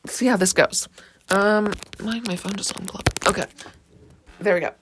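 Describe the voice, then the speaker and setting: A woman's voice: medium pitch, fairly even intonation, moderate pace, background noise. A woman hosting a casual solo podcast, rambling, sarcastic and correcting herself, recorded on a phone. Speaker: podcast host.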